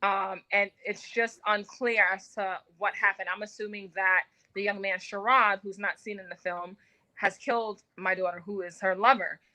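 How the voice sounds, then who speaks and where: A woman's voice: medium pitch, steady tone, normal speed, sharp tone, rough recording. A woman giving a casual radio interview as an actress and guest, talkative with many filler words.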